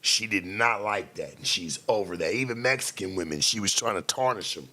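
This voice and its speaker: A man hosting a late-night show, talking in a blunt, profane casual monologue with sudden loud outbursts. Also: lowish voice, expressive, a little fast.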